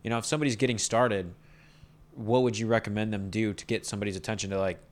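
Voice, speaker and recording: A male podcast host with a fairly low voice asks long, rambling questions in a relaxed interview. He is affirming and supportive of his guest throughout. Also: fast talker. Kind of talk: casual interview.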